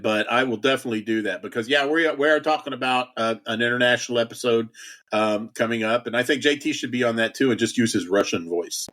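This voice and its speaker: A man's voice: mid-range voice, fast talker, fairly bright tone. A man hosting a podcast in casual chat, joking, laughing often and repeating words as he goes. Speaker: podcast host. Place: home garage bar.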